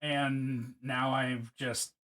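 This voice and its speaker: A man's voice: mid-range voice, flat delivery, extremely slow, a bit bright. Swearing rambly streamer guy. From Baltimore. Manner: profane, rambling, self-mocking. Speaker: streamer painting miniatures. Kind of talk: casual live-stream chat. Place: alone in his room.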